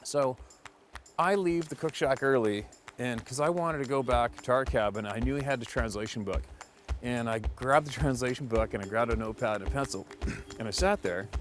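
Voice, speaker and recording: A man with a medium-pitched voice hosts a hunting channel and tells a story in a casual, animated way, full of emphasis and cursing.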